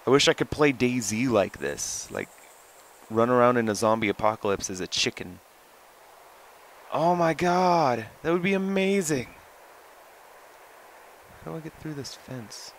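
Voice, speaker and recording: Goofy gravelly young man gaming. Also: a little slow, long pauses, a little hiss or hum, rough recording. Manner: goofy, swearing, jumps to high excited yelling. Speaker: gameplay commentator. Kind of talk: casual let's-play commentary.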